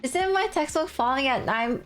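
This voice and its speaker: A young woman livestreamer chatting casually, rambling and giggling as she tells animated stories. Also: sits high, moderate pace, faint music behind. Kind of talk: casual stream chat.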